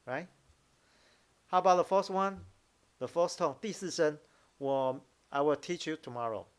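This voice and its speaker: A man with a Mandarin Chinese accent teaching a live online lesson, halting, restarting phrases and demonstrating tones out loud. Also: fairly high pitch, clean tone. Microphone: computer mic, video call.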